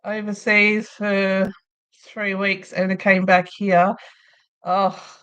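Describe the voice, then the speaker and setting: A woman's voice: mid-range voice, level tone, extremely slow, fairly bright tone, smooth, dull audio. An Australian woman hosting a crochet livestream from a room at home, chatting casually and rambling, with frequent laughs. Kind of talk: casual chat while crocheting.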